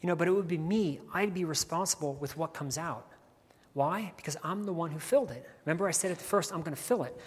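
A preacher delivers a morning sermon from a church stage. The voice sits at a middle pitch and leans on "you know" in almost every phrase, saying key lines twice over. A long hall reverb trails behind each phrase. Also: fast, husky.

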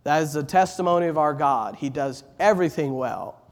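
Preaching with earnest conviction, this middle-aged man keeps a brisk pace and a fairly high voice. Repetition drives his build-up, his volume swelling on exalted lines and dropping gently on tender ones.

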